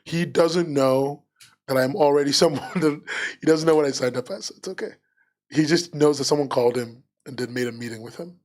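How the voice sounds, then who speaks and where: A man's voice: on the high side, brisk, darkish tone. A man co-hosting a livestreamed podcast in casual chat, rambling with lots of fillers and restarts. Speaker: podcast co-host.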